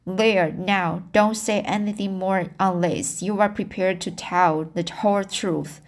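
A woman's voice: medium pitch, steady tone, unhurried, lightly acted. A woman reading the part of a strict, stern older woman guardian in an audiobook, speaking sharply.

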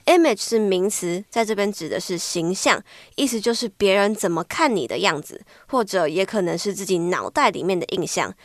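A woman's voice: mid-range voice, lively intonation, a little fast, few pauses, no room sound. A woman co-hosts an English lesson in a friendly, explanatory tone. Her voice is recorded close and dry. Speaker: co-host and Mandarin explainer. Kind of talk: bilingual vocabulary explanation.

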